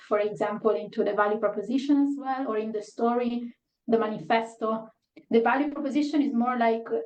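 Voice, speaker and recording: A woman hosting an online workshop, talking casually and rambling through filler words over a video call. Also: a little high. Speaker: workshop host. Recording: roomy, dull lo-fi call audio.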